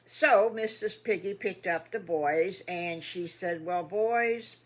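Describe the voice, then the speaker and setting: An older woman storyteller with a husky, low voice, telling a made-up children's tale. She rambles folksily and chats along as she goes. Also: takes it slowly.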